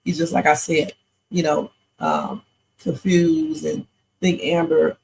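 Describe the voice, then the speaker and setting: A woman's voice: deep voice, lively intonation, unhurried, vocal fry, slight background noise, rough recording. A tired woman hosting a live reaction stream, chatting and rambling with preachy asides. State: sleepy, tired. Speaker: livestream reaction host. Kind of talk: casual live reaction commentary.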